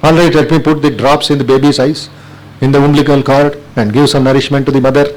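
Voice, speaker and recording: A man with an Indian accent playing a proud young male doctor who insists and shouts indignantly. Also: on the high side, little pitch movement, very fast, close to an everyday voice, rough recording. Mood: insistent.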